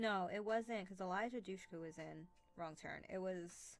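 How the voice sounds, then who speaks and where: A woman's voice: medium pitch, fairly even intonation, normal speed, faint music behind. A young woman chatting casually on a live stream from home, rambling with many fillers.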